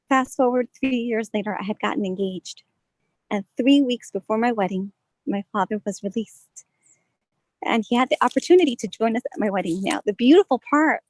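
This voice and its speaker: A woman's voice: a little high, no room sound. A woman giving a heartfelt personal testimony talk at a prayer gathering, speaking earnestly. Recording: dull lo-fi sound.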